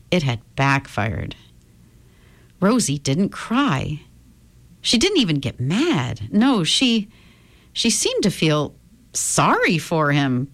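Woman reading a kids story, low voice, slow and bouncy. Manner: expressive, lively intonation. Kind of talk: reading a children's story aloud.

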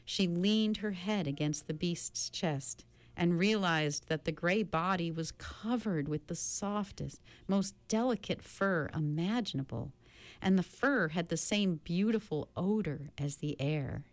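A woman narrating an audiobook in a calm, unhurried manner. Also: lowish voice, dry recording.

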